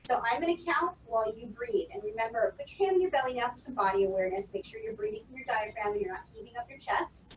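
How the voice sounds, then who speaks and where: A woman coaching public speaking in a webinar, calmly instructing and counting out breathing exercises. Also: on the high side, fast talker, few pauses. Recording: roomy echo, distant from the mic, faint noise.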